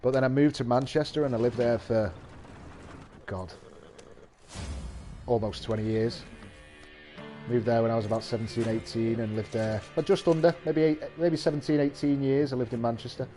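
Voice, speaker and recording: A man's voice: medium pitch, steady tone, normal speed, pauses often, mellow, faint music behind. A man in his thirties with a mixed Scouse and Mancunian accent, chatting casually on a game stream, swearing freely and laughing often. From North West England. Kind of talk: casual live-stream chat.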